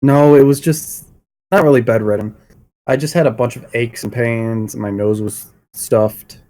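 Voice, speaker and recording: A man's voice: mid-range voice, fairly even intonation, unhurried, dark tone. A man with a cold and a stuffy nose, chatting in a laid-back, joking way on a podcast. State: congested with a cold. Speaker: podcast co-host. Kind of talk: casual chat.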